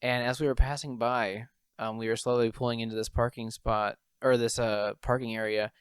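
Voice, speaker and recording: A man's voice: mid-range voice, moderate pace, clean tone, no echo. A young man, a podcast host, telling a funny story in casual chat, laughing often and acting out what people said. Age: young adult. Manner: animated storyteller, laughs often, acts out quotes.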